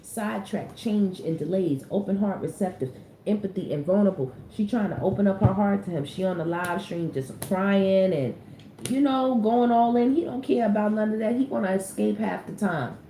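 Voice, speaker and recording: A woman's voice: mid-range voice, moderate pace, mellow, a little hiss or hum. A woman reading tarot cards in a casual, chatty way, full of slang and repeated phrases for emphasis. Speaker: tarot reader. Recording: roomy echoey recording.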